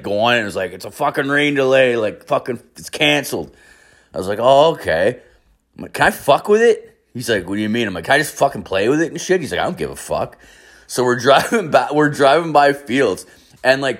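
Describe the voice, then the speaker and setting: Rambling, foul-mouthed young man telling a story. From Ireland. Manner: rambling, profane, acts out quotes with pitch jumps. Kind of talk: casual anecdote, heavy swearing.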